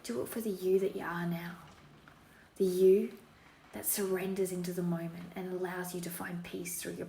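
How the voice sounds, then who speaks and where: A woman yoga teacher guiding a class in a playful put-on Australian accent, relaxed and encouraging with lots of slang. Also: on the low side, gravelly. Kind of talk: guided yoga class instruction. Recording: roomy echo, faint room hiss.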